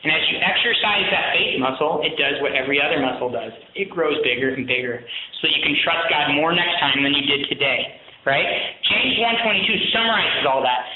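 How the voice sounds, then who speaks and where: A man's voice: on the high side, animated, fairly quick, few pauses, slight background noise. A man giving a sermon as a pastor, talking in an earnest, conversational way and often checking in with listeners. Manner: conversational, earnest, frequent "right?" asides. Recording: very echoey, thin phone-like sound.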